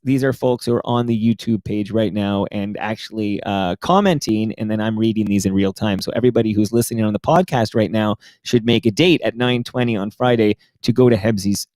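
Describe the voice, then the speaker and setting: A man's voice: on the low side, a little fast, hardly any pauses, a little mellow, dry recording. A man co-hosting a casual podcast, upbeat and chatty as he reads sponsor plugs and viewer names. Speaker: podcast co-host and producer.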